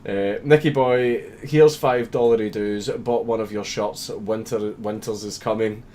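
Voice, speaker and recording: Hosting a livestream, a young man reads out viewer comments in a mocking way, swearing nonstop and laughing often. His lowish voice is warm and unhurried, with fairly even intonation.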